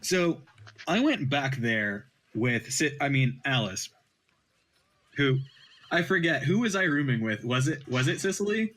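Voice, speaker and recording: A man's voice: mid-range voice, lively intonation, measured pace, a bit bright. A man playing in a tabletop game, describing his character's actions. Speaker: player. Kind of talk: tabletop game role-play.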